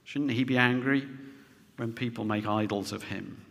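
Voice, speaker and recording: A man's voice: mid-range voice, moderate pace, gravelly, a bit bright. A man preaching a sermon to a congregation, often ending points with rhetorical tag questions. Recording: long reverb of a large hall.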